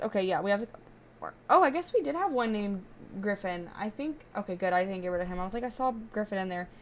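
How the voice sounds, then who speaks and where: A young adult woman giving casual, chatty gameplay commentary, excitable and quick to get frustrated. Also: mid-range voice, soft background music. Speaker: video game streamer.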